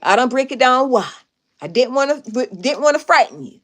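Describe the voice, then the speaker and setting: A woman live streaming, casually telling a story to her viewers in an emphatic, animated way with lots of repetition. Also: on the high side, a little fast.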